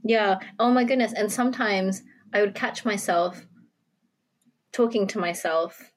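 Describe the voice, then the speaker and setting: A young woman co-hosting a podcast, talking in an animated, curious way full of likes and restarts. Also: mid-range voice, a little slow, a little hiss or hum. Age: young adult. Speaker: podcast co-host. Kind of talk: casual chat.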